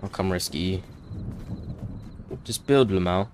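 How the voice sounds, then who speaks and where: A man's voice: deep voice, a little slow, noisy background. A young man, joking and teasing a friend while playing a video game. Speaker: gamer. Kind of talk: casual gameplay chat. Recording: gunfire from the game behind.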